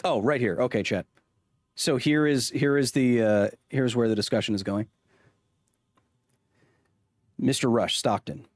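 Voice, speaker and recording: A man hosts a live stream from a close mic in a dry, deadened room, his voice at an ordinary middle pitch. He chats wryly with his audience and reads testimony aloud, stumbling and restarting as he goes. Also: moderate pace, a little mellow, no room sound. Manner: wry, talks straight to chat, frequent restarts. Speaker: live-stream podcast host. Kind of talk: casual livestream chat and read-aloud of testimony.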